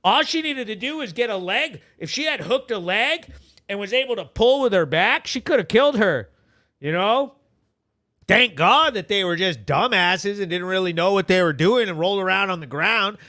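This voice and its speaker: A man hosting a news show, ranting in loud, blunt, casual commentary with swearing. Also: sits high, lively intonation, moderate pace.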